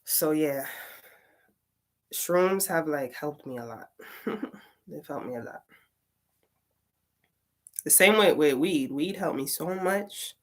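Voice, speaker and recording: A woman's voice: low-pitched, lively intonation, slow pace, pauses often. A woman tarot reader and poet telling a casual story, full of "like" fillers and swearing.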